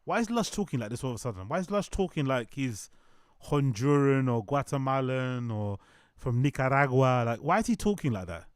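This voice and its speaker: Reacting to videos on his stream, a man keeps things casual and jokey, cursing a lot and saying the same phrases again. His medium-pitched voice is sing-song and brisk, captured as a dry, studio-quality recording.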